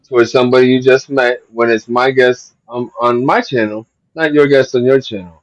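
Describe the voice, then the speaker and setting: A man's voice: medium pitch, steady tone, normal speed, dry recording, lo-fi sound. A man hosting a casual livestream podcast, swearing freely and talking emphatically in long run-on stretches. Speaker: show host.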